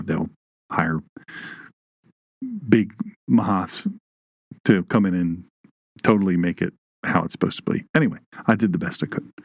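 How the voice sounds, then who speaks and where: A man hosting a Bible teaching show. He tells stories in an animated way, and his voice jumps high for emphasis. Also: no echo, studio quality.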